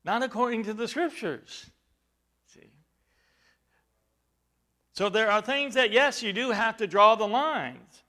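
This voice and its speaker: Guy preaching a sermon, kinda high voice, stumbles on fillers then hits the big points hard. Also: lively intonation. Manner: emphatic, rising to loud stresses, with halting fillers.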